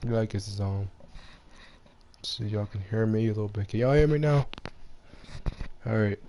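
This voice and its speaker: A man's voice: fairly low pitch, moderate pace, mellow, slight background noise. A young man casually commenting on his game at home, rambling and repeating himself in slangy talk. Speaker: gamer.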